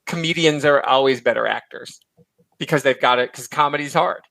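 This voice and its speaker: A podcast host chats casually and animatedly about films, dropping in quick asides. His voice is medium-pitched and creaky, with no room sound in the recording.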